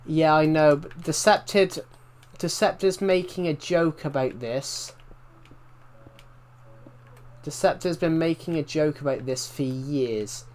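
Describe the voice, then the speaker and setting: A man's voice: a little high, a little slow, hardly any pauses, darkish tone. A young British man chatting casually while live-streaming a game and reading out viewer comments, rambling with restarts and mild swearing. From Britain.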